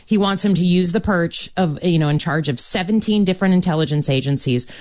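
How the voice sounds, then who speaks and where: A woman senator answering interview questions in a measured, earnest way, often pausing with ums. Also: lowish voice, darkish tone, no echo. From Michigan. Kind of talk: political interview.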